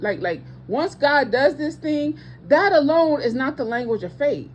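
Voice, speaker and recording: A woman's voice: high voice, expressive, unhurried, slight background noise. A woman preaching with passion to online viewers as a ministry host, emphatic and repeating her points, with speech patterns and casual asides.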